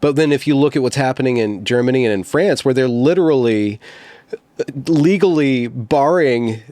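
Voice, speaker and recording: Halting male host, dry close sound. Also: mid-range voice, darkish tone, no echo. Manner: halting, searching for words with frequent restarts. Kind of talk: conversational political discussion.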